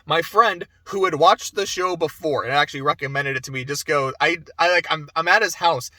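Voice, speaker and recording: A young man giving a casual spoken game review, animated, swearing and going off on asides. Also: a little high, a little fast, no room sound. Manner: animated, swears, laughs often, trails off into asides.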